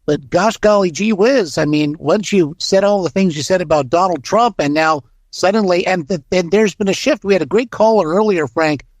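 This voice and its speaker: Folksy American co-host, slightly high voice. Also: male voice, no room sound. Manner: casual, folksy, agreeable, filler-heavy. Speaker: radio co-host. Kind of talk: political talk radio chat.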